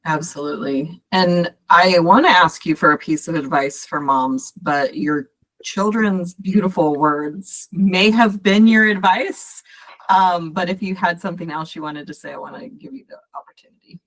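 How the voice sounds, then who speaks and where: A woman's voice: lowish voice, moderate pace, fairly bright tone. Encouraging podcast host, a woman. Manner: encouraging, addresses listeners directly. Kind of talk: casual podcast conversation.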